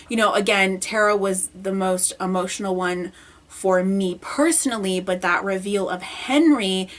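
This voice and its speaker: A woman's voice: medium pitch, fairly bright tone. Chatty, emotional woman reviewing a show. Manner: emotional, chatty, frequent fillers and restarts. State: near tears. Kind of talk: casual video review.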